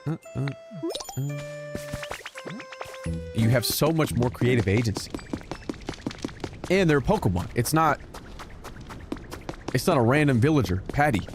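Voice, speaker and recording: A young man streaming a game, giving casual commentary that is joking, animated and full of swearing. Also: mid-range voice, a little slow, long pauses. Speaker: gaming streamer. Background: game music.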